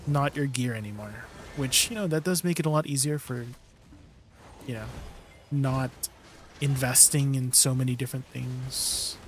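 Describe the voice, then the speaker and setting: A livestreaming gamer with a medium-pitched voice talks with his viewers at normal speed, the recording carrying a little hiss or hum. Easygoing and chatty, he leans on lots of fillers and laughs a lot.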